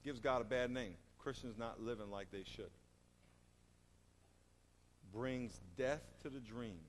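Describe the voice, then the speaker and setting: A man preaching a sermon in an animated, emphatic way, asking his congregation rhetorical questions. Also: mid-range voice, slow pace, slight background noise. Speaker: pastor. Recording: reverberant hall.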